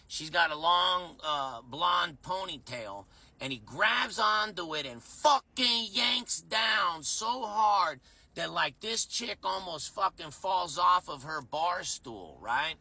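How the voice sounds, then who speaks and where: Bright-voiced profane bartender telling a story. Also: male voice, sits high, lively intonation, takes it slowly, slightly rough. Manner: profane, rambling, self-mocking. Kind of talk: casual storytelling.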